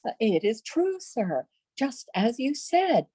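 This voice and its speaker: A woman voicing a bewildered, simple-minded young male soldier in a read-aloud story, speaking slowly in a raised, puzzled voice. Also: a little high, big pitch swings, dark tone, breathy edge, dry recording, studio quality, voice pushed up, full character voice.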